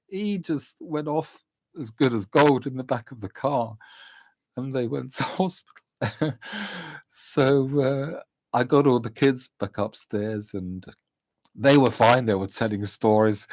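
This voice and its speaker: A man vlogging, telling a story in a rambling way, chuckling often and filling pauses with "you know" and "um". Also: mid-range voice, darkish tone, no room sound. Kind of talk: casual storytelling.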